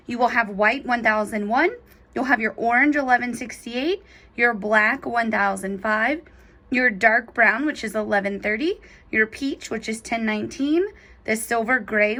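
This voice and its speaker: A woman's voice: fairly high pitch, sharp tone. A woman giving a chatty, enthusiastic step-by-step embroidery tutorial, gushing over cute details. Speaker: embroidery instructor.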